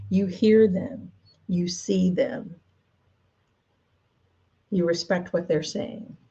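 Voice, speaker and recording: A woman's voice: fairly low pitch, vocal fry, warm tone, slightly rough. A woman hosting her own show, giving a conversational coaching talk straight to her viewers. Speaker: host and personal development coach. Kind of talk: motivational talk to camera. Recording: dull lo-fi livestream audio.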